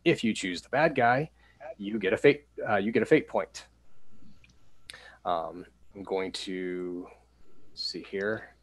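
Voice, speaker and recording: A man's voice: on the low side, slow, long pauses. A man narrating as game master of a tabletop game, a little hesitant. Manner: hesitant, with many fillers and restarts.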